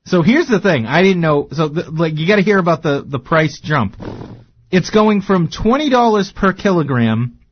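A man with a slightly husky, fairly high voice chats loosely on a podcast. His pitch swings widely as he jokes and rambles, sometimes trailing off mid-sentence. The sound is dry and a little dull. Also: expressive, normal speed. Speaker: co-host. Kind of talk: casual podcast chat.

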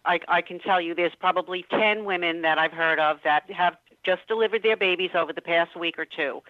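A woman co-hosting a radio talk show, telling stories in casual, animated chat. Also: fairly low pitch, fairly quick, no room sound, narrow, tinny audio. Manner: storytelling, animated, laughs easily.

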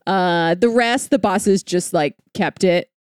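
A woman's voice: lowish voice, slow, a little mellow, clear, resonant tone, no room sound, studio quality. A woman co-hosting a casual political podcast, sarcastic and profane in a wry way. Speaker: podcast co-host.

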